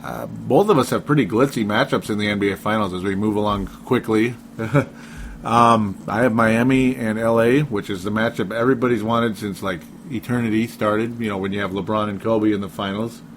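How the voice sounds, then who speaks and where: On a laid-back sports podcast, this co-host talks fairly quickly in a fairly low voice with fairly even intonation. He laughs a lot, rambles and keeps cutting his own sentences short, with slight noise in the background.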